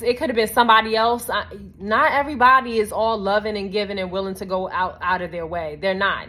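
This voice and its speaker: A woman telling a personal story in a casual vlog, animated and earnest, with many "I'm like" asides and a reflective, faith-minded close. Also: medium pitch. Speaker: vlogger.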